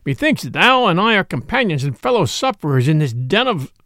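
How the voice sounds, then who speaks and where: A man's voice: sits high, very animated, brisk, no echo, studio quality, full character voice. A man voicing a pompous, indignant bishop in an audiobook reading, huffy and affronted. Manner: huffy and affronted, rising to shouts. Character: pompous, indignant male bishop of middle age.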